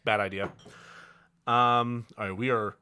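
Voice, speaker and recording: A man co-hosting a podcast in casual chat, animated and quick to riff. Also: fairly low pitch, clean tone. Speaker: podcast co-host. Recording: audio-only podcast.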